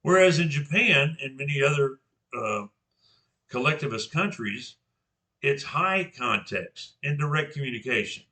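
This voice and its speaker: A man's voice: medium pitch, animated, a little slow, bright, forceful tone. An older man from Georgia in the US giving an informal class presentation, carefully articulating his words with frequent restarts.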